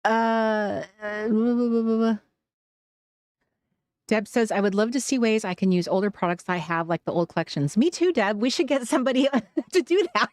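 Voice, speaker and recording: A woman's voice: a little high, normal speed, darkish tone, dry recording, studio quality. A woman from Washington State hosting a casual craft livestream, chatting with viewers, laughing often and trailing off mid-sentence. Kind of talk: casual livestream chat reading viewer comments.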